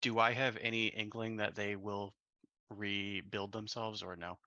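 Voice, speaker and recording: A man playing in a tabletop game, quick and laughing often. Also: lowish voice, flat delivery, pushed and bright, dry recording, muffled recording. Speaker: player. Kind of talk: casual tabletop play.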